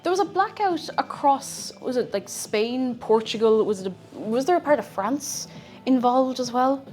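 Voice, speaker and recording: A woman's voice: high-pitched, lively intonation, unhurried, darkish tone. A young woman streamer chatting casually and rambling while she cooks, with frequent exclamations. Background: faint music.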